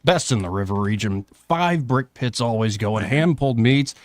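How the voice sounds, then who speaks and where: A man's voice: medium pitch, moderate pace, no echo. A man in his thirties hosting a radio talk show, telling stories and reading live ads in casual banter. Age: 30s. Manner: animated storyteller who reads live ads.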